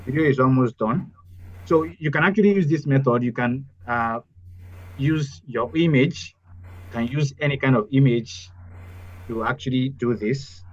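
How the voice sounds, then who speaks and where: A man's voice: mid-range voice, normal speed, lo-fi sound. A man teaching an online workshop step by step, repeating key phrases as he goes. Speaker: AI bootcamp instructor. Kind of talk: live online tutorial.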